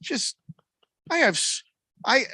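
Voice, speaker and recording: A man's voice: very high-pitched, big pitch swings, takes it slowly, pushed and bright, breathy edge, no echo. A man hosting a sports talk radio show in a casual way, playfully riffing on wordplay.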